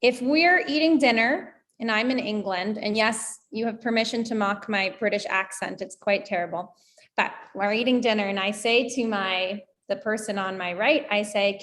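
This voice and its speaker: An American woman, an English teacher and guest, explaining pronunciation in a lively way and demonstrating with examples. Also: mid-range voice, normal speed. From United States. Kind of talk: explanatory conversation.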